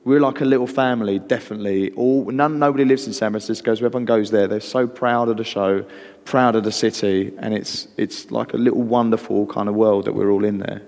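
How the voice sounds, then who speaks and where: A British man, an actor guest, telling lively stories on stage at a live event and acting out other people's voices. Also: lowish voice, brisk. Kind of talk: anecdotal storytelling on stage. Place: live event hall with audience. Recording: long hall reverb.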